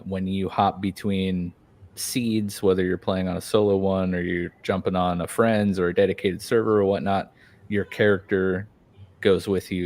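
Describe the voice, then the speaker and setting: A man hosting a casual podcast chat, a bit hoarse from losing his voice, talking loosely with many fillers and restarts. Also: low-pitched, a little mellow. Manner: rambling, frequent fillers and restarts. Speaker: podcast host.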